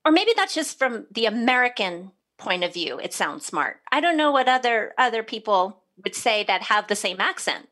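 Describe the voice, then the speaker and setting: A woman's voice: a little high, big pitch swings, moderate pace, few pauses, a bit bright. A woman co-hosting a podcast, chatty and bubbly, laughing easily. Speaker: podcast co-host. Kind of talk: casual chat.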